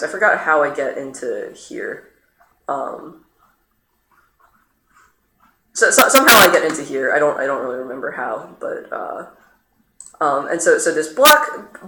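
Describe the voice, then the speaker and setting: A streamer chatting casually over gameplay, rambling with many fillers and sudden jumps in pitch. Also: pushed and bright. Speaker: streamer playing the game. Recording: roomy echo, faint noise.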